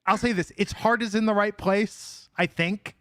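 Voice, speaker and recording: A man's voice: high voice, steady tone, normal speed, a bit bright, dry recording. A man hosting a podcast in casual chat, telling stories with wry, dry humor. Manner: wry storytelling, dry jokes. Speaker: podcast host.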